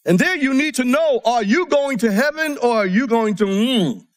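High-voiced preacher in full sermon. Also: male voice, lively intonation, moderate pace. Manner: preaching with sudden swings between soft and rising tones; reads scripture aloud to a live congregation.

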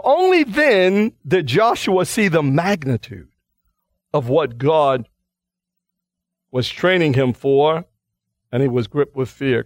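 A male pastor delivers a radio sermon with strong emphasis, swinging his voice up and down as he makes each point. His voice sits a little high for a man and sounds close and dry, with no room around it. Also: no room sound. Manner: emphatic, dramatic preacher, acts out quoted lines.

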